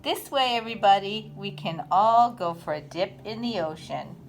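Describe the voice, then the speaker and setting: A woman reading a children's picture book aloud in an expressive, sing-song storytime manner. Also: mid-range voice, normal speed, a little hiss or hum.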